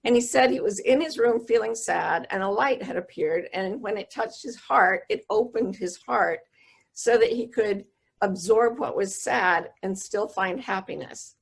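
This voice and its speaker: A middle-aged woman speaks over a video call, sharing a heartfelt personal story as a wisdom teacher. Her voice carries a gravelly, husky edge at an average pitch, and she talks earnestly and intimately, easing off when the story turns tender. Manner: earnest, intimate storyteller who slows down for emotional moments. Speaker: wisdom teacher giving a talk.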